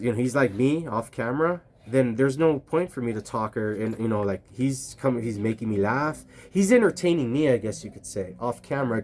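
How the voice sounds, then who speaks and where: A man vlogging outdoors at night, rambling casually to his camera, swearing and laughing often. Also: medium pitch. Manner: rambling, profane, laughs a lot.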